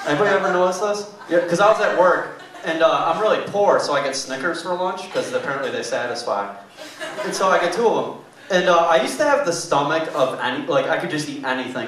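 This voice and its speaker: This young man's mid-range voice has a fairly bright tone as he does stand-up in a small club. His set is loose and rambling, packed with fillers; the club room echoes, the mic is far away, and there's faint noise.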